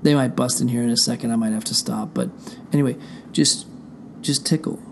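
A man's voice: medium pitch, steady tone, fairly quick, slight background noise. A middle-aged man hosting his show from a room indoors, talking straight to his listeners in a rambling, profane, digressive monologue. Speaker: show host. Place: indoor room behind a closed door.

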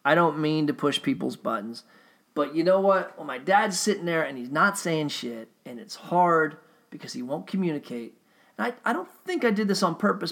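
A man's voice: on the high side, vocal fry, a bit bright. A man talking in a rambling, casual monologue, swearing freely and often restarting his sentences. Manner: rambling and profane, with frequent restarts.

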